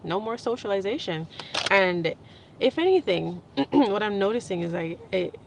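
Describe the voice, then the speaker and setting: A woman's voice: medium pitch, animated, normal speed, gravelly, noisy background. A young adult woman talking in a casual, rambling vlog, emotional and laughing now and then. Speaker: vlogger. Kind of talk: casual spiritual vlog monologue.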